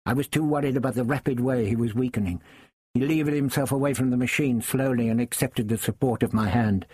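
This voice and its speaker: Man narrating a story, husky and dry. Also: mid-range voice, a little fast, darkish tone, dry recording. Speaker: audiobook narrator. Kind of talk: first-person storybook narration.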